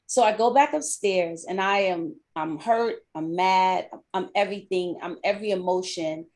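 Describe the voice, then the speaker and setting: A woman's voice: on the low side, moderate pace, darkish tone. Candid middle-aged woman podcast host. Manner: candid, repeats phrases for emphasis. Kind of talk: personal storytelling podcast.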